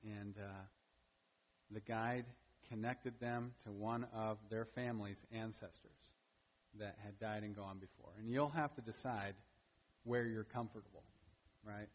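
A pastor with a lowish, steady voice and measured pace preaches emphatically at a morning church service, often ending points with "right?" A long reverb tail follows his words.

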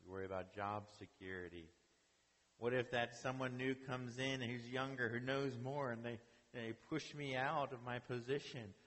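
A man's voice: medium pitch, little pitch movement, normal speed, hardly any pauses, a bit bright. Guy pastor preaching, mid voice, keeps saying right?, big echoey church. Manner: repeats words and asks the room "right?". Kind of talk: sermon.

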